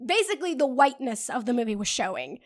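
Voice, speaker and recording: A woman hosting a casual film discussion podcast, animated and quick to restart her sentences. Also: on the high side. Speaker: podcast host.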